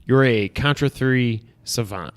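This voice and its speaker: A man hosting a casual chat with friends, animated and quick to act out stories with sound effects. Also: mid-range voice.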